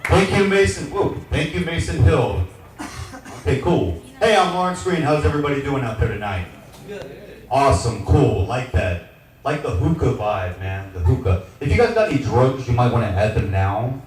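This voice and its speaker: A man in his forties doing a stand-up comedy set in a small lounge, loud, brash and crude. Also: mid-range voice, sing-song, normal speed, slight background noise. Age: 40s. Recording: echoey venue miked from a distance.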